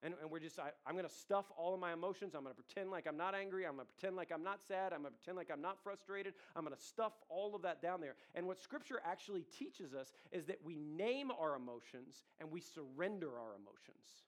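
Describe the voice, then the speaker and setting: A man's voice: a little high, expressive, fast talker, few pauses. A pastor in his thirties preaching a sermon in a conversational way, with asides to the congregation. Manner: conversational preaching with audience asides and acted quotes.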